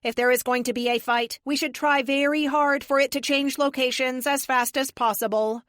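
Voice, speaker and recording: Audiobook AI: woman doing a precise, formal male machine pilot, a little higher and firmer. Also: fairly even intonation, moderate pace, a bit bright, no room sound, studio quality. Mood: urgent. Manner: formal, precise, without contractions. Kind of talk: audiobook character voice.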